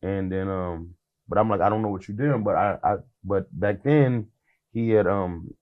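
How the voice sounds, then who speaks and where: A man's voice: sits low, normal speed, phone-quality sound. A man who is a rap artist, telling stories in a casual interview in a laid-back, rambling way, full of fillers and acted-out quotes.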